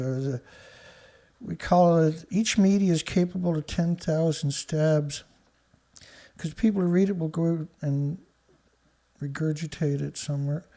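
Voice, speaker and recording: Gravelly sarcastic man hosting a live show. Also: high voice, warm tone. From Canada. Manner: sarcastic, rambling, scoffs at headlines. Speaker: host of a live news commentary show. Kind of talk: casual live-stream commentary.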